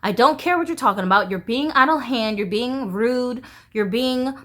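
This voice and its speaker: A woman's voice: a little high, normal speed, fairly bright tone, close to an everyday voice. A woman voicing her sister, a combative adult woman who confronts people bluntly. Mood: confrontational.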